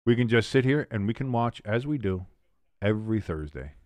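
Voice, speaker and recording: A man's voice: on the low side, lively intonation, moderate pace, darkish tone, no echo. A man hosting a sports watch-along stream, chatting casually between play-by-play calls, rambling with fillers, restarts and casual swearing.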